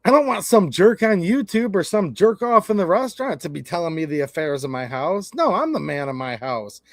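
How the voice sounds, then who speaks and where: A man with a high voice for a man gives casual opinion commentary to camera, blunt and folksy. The sound is dry and close, with little room reflection. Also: sing-song, a little fast, dry recording. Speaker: channel host.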